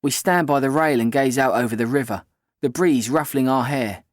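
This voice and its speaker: A man reads a first-person novel aloud at a middle pitch. His manner is even and story-minded. The recording is dry and close. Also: moderate pace, no echo. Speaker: audiobook narrator. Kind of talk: scripted first-person narration.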